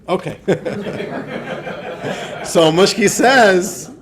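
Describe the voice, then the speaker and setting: A man teaching a class as a rabbi, telling stories in a lively lecture style, acting out quotes and laughing often. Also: fairly high pitch, moderate pace, a crowd in the background. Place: class in front of a live audience.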